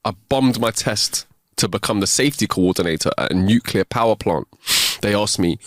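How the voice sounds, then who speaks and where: A man co-hosting a comedy podcast, telling jokes in an animated way and stammering a little when he chats. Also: fairly low pitch, moderate pace, dry recording, clean studio sound. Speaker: podcast co-host. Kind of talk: reading jokes aloud, casual chat.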